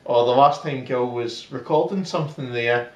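A man's voice: medium pitch, moderate pace. A man co-hosting a podcast, joking and rambling in casual banter with frequent laughter, recorded in a comedy club room. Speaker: podcast co-host. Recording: roomy sound from a distant mic.

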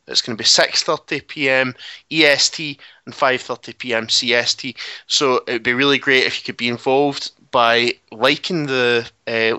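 A man's voice: mid-range voice, bright, forceful tone, no room sound, muffled recording. A man hosting a podcast, giving friendly announcements with lots of ums and uhs. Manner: friendly, filler-heavy. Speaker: podcast host.

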